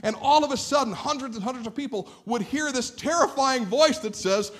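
A man with a high voice preaches in a church sanctuary. He tells lively stories and keeps asking the congregation questions. He comes from Northeast Ohio. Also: brisk. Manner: animated storytelling, asks the congregation questions. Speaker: pastor. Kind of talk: sermon.

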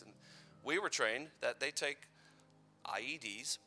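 A man's voice: medium pitch, a little slow, sharp tone, slight background noise. A man in his thirties giving a playful, conversational youth sermon full of personal stories. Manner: playful, conversational, teasing asides. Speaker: youth pastor.

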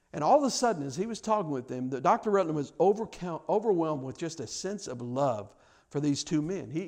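A man preaching a sermon, telling a story and acting out its people, with repeated stammers, rising loud on key lines and dropping low. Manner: impassioned, swells loud on key lines then drops low.

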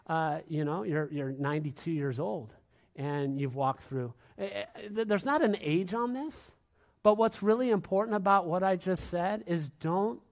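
A middle-aged man preaching a sermon as pastor to a congregation, emphatic and repetitive, often asking for an amen. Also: sits high. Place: church hall with a congregation.

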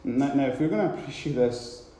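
A man preaching a sermon, retelling a scripture story with animated, repetitive emphasis, recorded in a very echoey hall. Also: mid-range voice, fairly quick.

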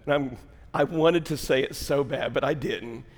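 A man pastor, preaching a sermon and telling a funny story in an animated, storytelling way in a church. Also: medium pitch, normal speed. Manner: animated storyteller who acts out his wife's yelling. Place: church sanctuary. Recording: long hall reverb.

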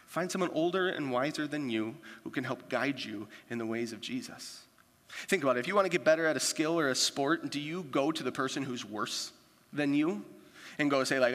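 A man with a fairly high, bright and forceful voice preaches to his church. He talks casually, telling stories and acting out little quoted asides. His voice rings out with a long reverb in a large church hall. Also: animated, moderate pace. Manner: conversational, storytelling with quoted asides. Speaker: pastor. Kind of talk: sermon.

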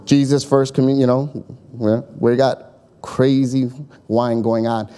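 A man's voice: medium pitch, level tone, a little slow, warm tone, clear, resonant tone. A man preaching a sermon, telling a story in a chatty way, acting out voices and often checking in with his listeners. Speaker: pastor.

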